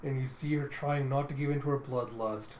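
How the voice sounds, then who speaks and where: A man's voice: medium pitch, steady tone, fairly quick, darkish tone. A man casually narrating a comic readthrough in a rambling play-by-play with fillers. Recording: roomy echoey room with faint hiss.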